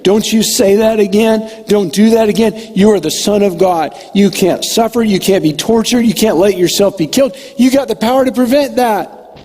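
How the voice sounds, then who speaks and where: A man's voice: sits high, normal speed, darkish tone, in a large hall, soft background music, pitched above the performer's own voice. A man voicing an indignant male apostle who scolds and lectures his teacher in an exasperated way.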